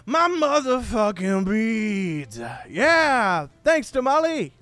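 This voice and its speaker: A man's voice: extremely high pitch, sing-song, slow pace, fairly bright tone, no echo, voice pushed up, full character voice. A man voicing a dapper, raunchy male gnome bard who belts crude songs and hollers at the crowd. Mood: belting. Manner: belting crude lyrics, hollering.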